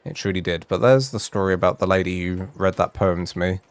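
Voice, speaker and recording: A man's voice: deep voice, fairly even intonation, fairly quick, smooth, no room sound. A young man streaming from home, telling a funny story in a chatty, self-mocking way. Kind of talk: casual storytelling while gaming. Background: faint game music.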